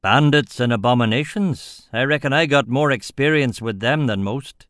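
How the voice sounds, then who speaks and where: A man doing gruff old barbarian Brodar Kane. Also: mid-range voice, normal speed, a bit bright, no echo, clean studio sound, lightly acted. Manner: folksy drawl, rough grammar.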